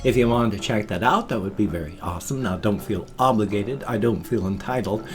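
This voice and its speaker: A vlogger in his fifties chats casually to the camera in a lowish voice. He has a playful habit of stretching out words and putting emphasis in odd places.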